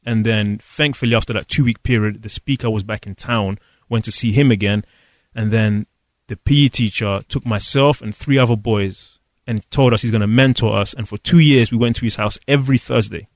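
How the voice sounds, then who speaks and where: A man, earnestly recounting a personal story as an interview guest, reflective, with pauses and restarts. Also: lowish voice, steady tone, no echo. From London, England.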